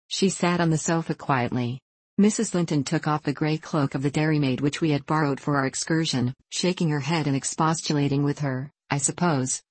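Low-voiced woman reading a classic novel. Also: darkish tone, dry recording, poor audio. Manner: measured storytelling reading. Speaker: audiobook narrator. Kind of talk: scripted narration.

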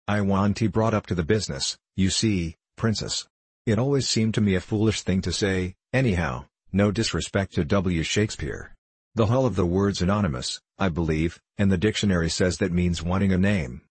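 A man's voice: deep voice, normal speed, darkish tone, husky, dry recording. A man doing a meek, folksy old sea captain. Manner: folksy rustic drawl with dropped endings.

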